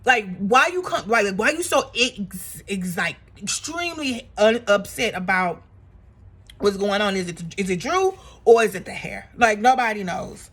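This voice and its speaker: Woman, casual gossip recap, animated, chatty, mid-pitched voice. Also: measured pace, husky. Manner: animated, acts out quotes in exaggerated voices; chatty with frequent fillers and laughs. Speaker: reality TV recap vlogger.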